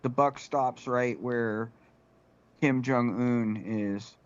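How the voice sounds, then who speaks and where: A man co-hosting a podcast, talking in a rambling, halting way with lots of "like" and "you know.". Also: mid-range voice, fairly even intonation. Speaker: podcast co-host. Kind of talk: casual political chat. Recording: slightly muffled lo-fi recording.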